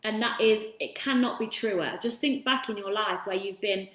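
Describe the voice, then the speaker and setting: A woman's voice: medium pitch, moderate pace. A woman hosting a casual self-help talk, chatting freely and breaking off to greet viewers. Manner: chatty, warm asides to viewers. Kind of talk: casual live-stream talk. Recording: roomy echo.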